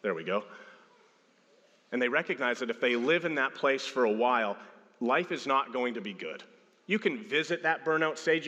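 Preaching to a hall full of long reverb, a man in his thirties works as a storytelling pastor who raises his voice to act out quotes. His voice is medium in pitch and a bit bright.

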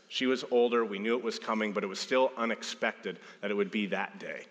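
Pastor preaching in a reverberant hall. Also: male voice, lowish voice, fairly bright tone. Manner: storytelling, acts out quotes with a raised voice. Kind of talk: sermon.

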